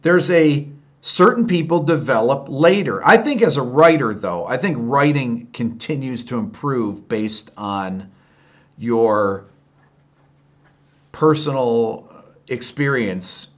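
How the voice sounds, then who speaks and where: A man's voice: medium pitch, animated, slow pace. A man in his fifties with an upstate New York accent, chatting candidly on a late-night livestream and answering viewers' comments in a rambling way. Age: 50s. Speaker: livestream host answering chat.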